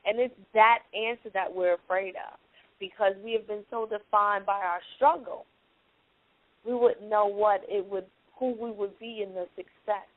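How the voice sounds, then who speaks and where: A woman's voice: mid-range voice, steady tone, normal speed, no echo. Young woman running a motivational call, earnest and emphatic, repeats herself, sounds like she's on a tinny phone. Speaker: teleconference host, life coach. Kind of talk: motivational talk on a conference call.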